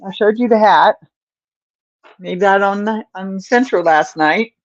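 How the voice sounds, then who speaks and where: A woman's voice: mid-range voice, unhurried, no echo, dull audio. A woman hosting a casual crochet livestream, chatting to viewers and muttering to herself as she works stitches, often apologetic. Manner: chatty, distracted, talking to herself while crocheting; apologetic, yawning.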